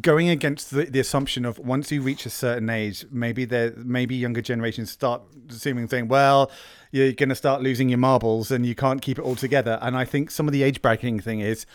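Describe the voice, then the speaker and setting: A man's voice: medium pitch, steady tone, fairly quick, hardly any pauses, no echo. A man co-hosting a podcast, wry and thoughtful, laughing partway through his sentences. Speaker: podcast co-host. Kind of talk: casual chat.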